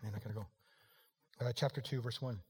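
A middle-aged man preaching a sermon, moving between quiet talk and shouting, with folksy asides. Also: medium pitch, steady tone, fast, slightly rough. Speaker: pastor. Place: church hall. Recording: long hall reverb.

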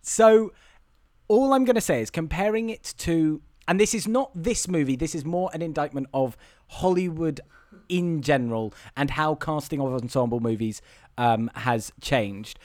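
A man's voice: a little high, moderate pace, darkish tone, no room sound, clean studio sound. A man co-hosting a casual film podcast, opinionated and ranting, swearing freely. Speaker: podcast co-host. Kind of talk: casual chat.

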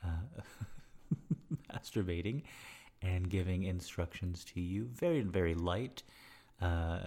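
Man, low husky voice, slow intimate murmur, whispers often; creator of intimate spoken audio. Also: darkish tone. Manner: rambling, self-deprecating asides.

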